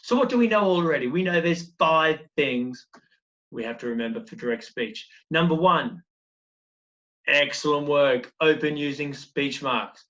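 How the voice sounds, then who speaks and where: A fairly high-voiced man teaching a recorded primary school lesson, coaxing along with one question after another. The sound is a touch dull and lo-fi. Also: animated, measured pace, fairly bright tone. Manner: encouraging, explains step by step with questions.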